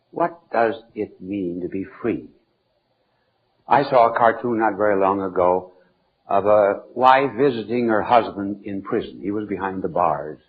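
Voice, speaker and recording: An archbishop telling humorous anecdotes in a deliberate, playful storytelling manner. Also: male voice, lowish voice, breathy edge. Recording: narrow phone-like old archival recording.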